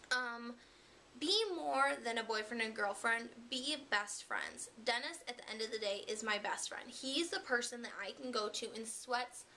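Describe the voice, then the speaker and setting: A woman's voice: a little high, pushed and bright, a little hiss or hum. A young woman vlogger talking candidly to the camera, giving relationship advice in a chatty, casual way with some mild swearing.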